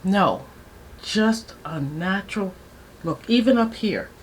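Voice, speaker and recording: A woman in her sixties chatting to viewers while doing her makeup, excitable and gushing about her products. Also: medium pitch, slow, breathy edge. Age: 60s. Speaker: beauty vlogger. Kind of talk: get-ready-with-me makeup chat.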